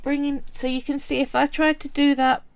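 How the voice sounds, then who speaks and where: A woman's voice: high-pitched, flat delivery, fairly quick. Chatty woman teaching a craft. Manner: chatty, step-by-step instructing. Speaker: craft livestream host. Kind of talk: live craft tutorial with chat.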